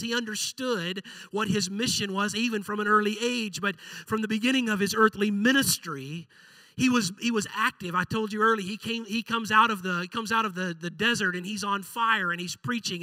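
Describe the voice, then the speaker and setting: High, bright-voiced preaching man. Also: no echo, poor audio. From Central Texas, USA. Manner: conversational preaching with frequent asides and tag questions. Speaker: pastor. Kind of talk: sermon.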